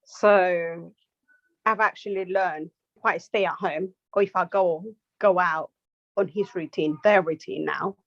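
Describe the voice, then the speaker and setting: A young woman, a mother of two, chatting on a podcast and telling stories with lively self-quoting. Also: fairly low pitch, unhurried, dry recording, highs cut off. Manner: animated storytelling, quoting herself. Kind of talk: casual chat.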